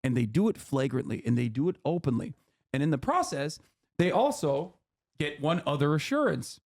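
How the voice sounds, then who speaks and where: A man with a fairly high voice explains politics on a stream, heated and animated. He swears freely and pushes each point hard. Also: normal speed.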